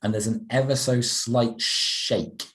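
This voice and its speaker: A man, working as a game master and narrating a tabletop role-play game in a measured, descriptive way. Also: mid-range voice, fairly even intonation, a bit bright.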